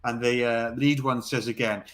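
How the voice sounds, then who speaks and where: A man narrating as game master of a tabletop role-playing game in an easygoing, relaxed way. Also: medium pitch, moderate pace.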